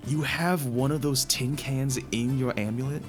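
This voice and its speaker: A man's voice: medium pitch, steady tone, normal speed, soft background music. A man running a tabletop game as dungeon master, explaining the rules with many restarts.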